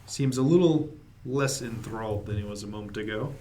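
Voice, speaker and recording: A man's voice: lowish voice, a little fast. Man running a tabletop game over noise. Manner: laughs often, relaxed rulings. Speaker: game master.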